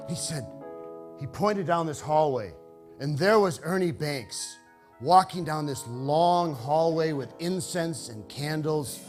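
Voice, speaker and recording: An older man telling a comic, personal story live on stage, wry and halting, with frequent restarts. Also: a little high, animated, soft background music.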